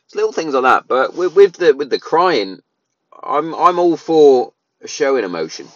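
Speaking at normal speed, a man with an expressive, somewhat high and slightly bright voice gives his views as a parent. His casual monologue rambles loosely with restarts and fillers. The recording is muffled and has no room sound.

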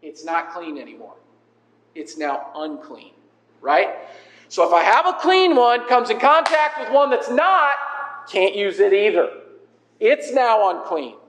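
High-voiced man preaching in an echoey hall. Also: sing-song, unhurried, fairly bright tone, a little hiss or hum. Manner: emphatic, conversational, asks the congregation with repeated "right?". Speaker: pastor. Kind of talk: sermon. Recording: echoey hall with long reverb.

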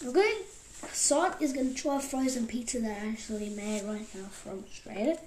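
A woman around twenty rambling excitedly in a casual vlog, jumping between loud outbursts and whispers. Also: fairly high pitch, normal speed, slight background noise. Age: about 20. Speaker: vlogger.

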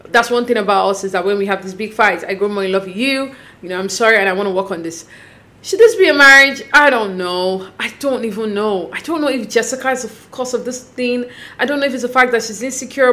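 A woman casually recapping a reality show, acting out quotes in a chatty, animated way. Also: fairly high pitch. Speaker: recap host.

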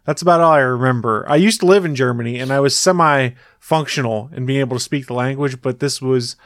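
A man's voice: mid-range voice, a little fast, fairly bright tone, no echo. A man hosting a casual podcast, introducing segments and teasing his co-hosts with dry wit. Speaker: podcast host. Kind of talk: casual chat.

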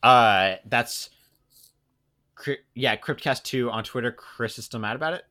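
A man's voice: medium pitch, a little slow, bright, forceful tone. Rambling young man on a podcast. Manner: rambling, joking, lots of fillers. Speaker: podcast co-host. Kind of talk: casual chat.

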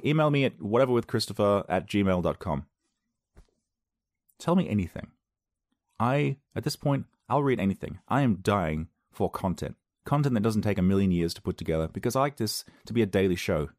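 A man's voice: fairly low pitch, a little mellow, dry recording, clean studio sound. A young man, hosting a casual solo podcast, telling a self-mocking story and acting out the other people's voices. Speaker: podcast host. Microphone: podcast microphone on a loose cable at home.

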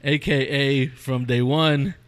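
A man's voice: medium pitch, steady tone, takes it slowly, smooth. A man hosting a casual podcast with a table of guests, teasing and laughing a lot while playing sound drops. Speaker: podcast host. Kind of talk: casual group chat.

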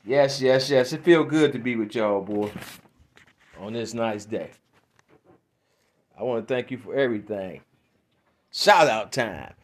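Man, podcast host, mid-pitched, loose and profane, laughing a lot. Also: measured pace, pauses often. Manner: rambling, profane, laughs often. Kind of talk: casual joke-telling and chat.

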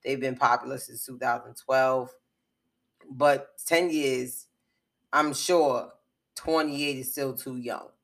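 A woman's voice: rumbling low, fairly even intonation, slow, creaky. A woman vlogger giving frustrated, impassioned commentary on a news story, speaking bluntly and swearing.

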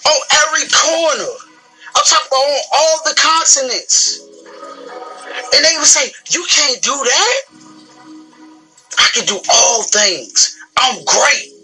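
A woman's voice: high-pitched, expressive, measured pace, low-quality recording. A woman speaking as a motivational speaker in an emphatic, repetitive, slangy monologue. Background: loud music.

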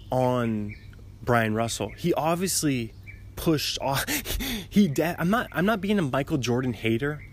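Podcast host, man in his twenties, casual, self-amused, average pitch. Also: a little hiss or hum. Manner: rambling, self-amused, laughs often. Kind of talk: casual chat.

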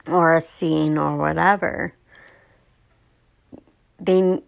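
A woman hosting a podcast, talking in an unhurried, casual monologue with fillers and self-corrections. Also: fairly low pitch, steady tone, creaky, no room sound. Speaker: podcast host.

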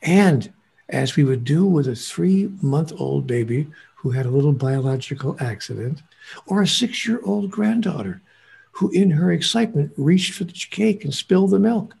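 A man's voice: on the high side, expressive, moderate pace, a little mellow. A man acting as a spiritual teacher, telling a story and stressing points with emphatic repetition. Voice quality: husky, gravelly. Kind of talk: lecturing in conversation.

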